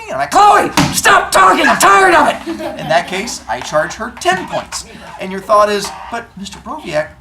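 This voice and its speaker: A male teacher addressing his class with deadpan humor, playful and mock-stern, acting out his students as he goes. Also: on the high side, background noise.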